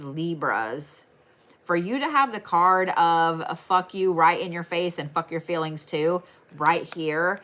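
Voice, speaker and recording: A young woman giving a casual astrology tarot reading, talking fast, blunt and swearing freely. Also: lowish voice, pushed and bright. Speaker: tarot reader.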